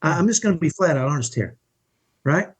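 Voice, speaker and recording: A middle-aged man with a somewhat high, husky voice talks as a guest in a conversational interview. He speaks earnestly and with emphasis, often checking in with the listener. His tone is that of a parenting coach explaining a point. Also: lively intonation, a little fast. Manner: emphatic, earnest, keeps asking "right?".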